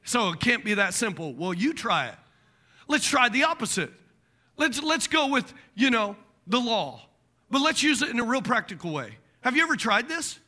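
A middle-aged man preaching a sermon as pastor, animated and jokey, acting out quoted voices and dropping into muttered asides. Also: very high voice, normal speed.

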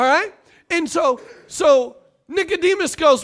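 Pastor guy, really high voice, preaching all animated, jumps loud when he acts out the story people. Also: normal speed. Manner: animated, acts out quoted characters with jumps in pitch and volume. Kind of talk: sermon.

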